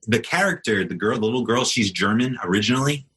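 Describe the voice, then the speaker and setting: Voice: mid-range voice, fast talker, slight background noise. A podcast co-host chatting casually and steadily, passing on film facts. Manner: informative, steady, recommending films. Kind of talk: casual chat.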